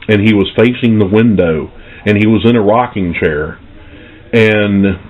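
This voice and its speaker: Middle-aged male investigator, lowish voice, unhurried pausing storyteller, lo-fi phone-line sound. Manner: slow, reflective storytelling with pauses. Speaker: paranormal investigator. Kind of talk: recounting a personal ghost story. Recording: tinny phone-like audio.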